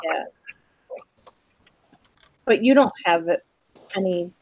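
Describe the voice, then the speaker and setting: A woman's voice: fairly low pitch, animated, slow pace, no echo, dull audio. Chatty woman from upstate New York. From western New York, between Buffalo and Rochester. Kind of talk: casual group chat.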